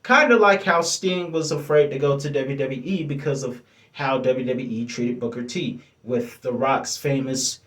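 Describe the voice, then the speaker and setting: A man's voice: medium pitch, unhurried, a bit bright. A man reviewing a wrestling show for his viewers in a casual, enthusiastic way, often stopping to correct himself. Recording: echoey room.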